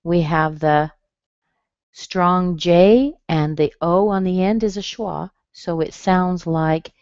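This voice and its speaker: A woman with a lowish, darkish voice that is clear and resonant teaches pronunciation in an online class, patiently saying words again and again. She goes slowly, repeating each word as a drill. The sound comes through a computer mic as dull, muffled, dry webinar audio with no echo.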